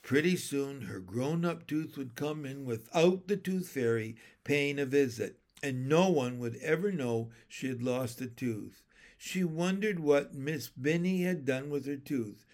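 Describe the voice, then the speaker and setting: A man narrating a children's chapter book aloud in a steady, gentle storytelling way. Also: medium pitch, unhurried. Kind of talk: audiobook narration.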